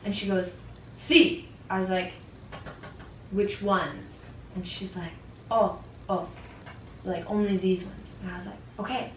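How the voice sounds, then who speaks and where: A woman's voice: medium pitch, little pitch movement, moderate pace, darkish tone, a little hiss or hum. A woman telling a travel story in casual chat, laughing easily as she talks. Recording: roomy, distant mic with faint background.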